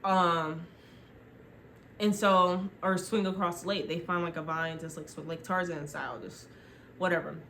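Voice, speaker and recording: A young woman vlogger casually retelling a TV show into her phone, rambling and full of "like" as she acts out quick quotes. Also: fairly low pitch, steady tone, fairly bright tone, slight background noise.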